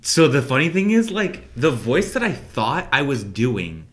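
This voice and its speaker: A man's voice: mid-range voice, very animated, measured pace, a bit bright. A young man co-hosting a podcast in casual chat, easygoing and agreeable with lots of fillers. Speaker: podcast co-host.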